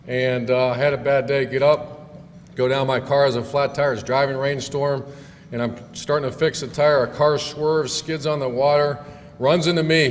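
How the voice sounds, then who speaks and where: A man's voice: mid-range voice, lightly acted. A man voicing an unlucky man pleading at heaven's gate, piling up one mishap after another. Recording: long hall reverb, faint room noise.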